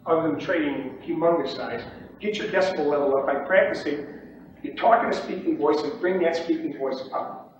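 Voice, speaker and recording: A trading instructor lectures trainees animatedly, acting out pit shouts and mimicking other traders, in a voice a little on the high side. The recording sounds distant and echoey, like dull lo-fi tape with faint hiss.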